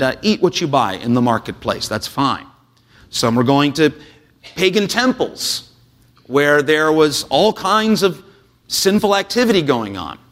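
A male pastor with a slightly high voice reads a scripture passage during a sermon, then explains it in a relaxed, conversational manner full of "uh"s.

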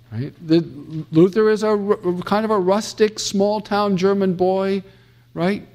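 A man's voice: high voice, steady tone, slow, darkish tone. Emphatic man lecturing on theology. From United States. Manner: emphatic, many fillers and restarts, dramatic quoting.

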